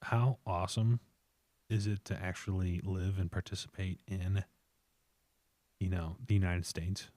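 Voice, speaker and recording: A man banters on a podcast in an easygoing, joking way, often asking questions. His voice sits fairly low. The sound is dry, with no room to it. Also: level tone, a little slow, pauses often, warm tone, no echo. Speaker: podcast co-host. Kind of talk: casual chat.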